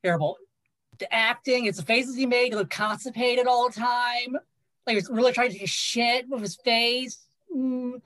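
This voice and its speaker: A man's voice: extremely high pitch, fairly even intonation, normal speed, sharp tone. Blunt, crude man podcast co-host. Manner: blunt and crude, short emphatic verdicts. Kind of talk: casual podcast chat.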